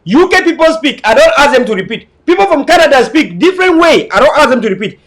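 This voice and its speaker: A man's voice: very high voice, big pitch swings, fast, fairly bright tone. A man from Cameroon who grew up speaking other languages, lecturing his viewers in an emphatic, repetitive, preaching way. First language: not English. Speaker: online commentator.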